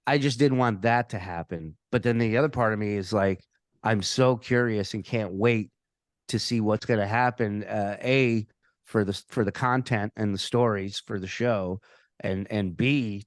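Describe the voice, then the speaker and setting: Animated, profane male storyteller. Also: on the low side, no room sound, studio quality. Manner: animated, profane, repeats words when restarting. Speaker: guest, comedian and podcaster. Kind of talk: casual storytelling.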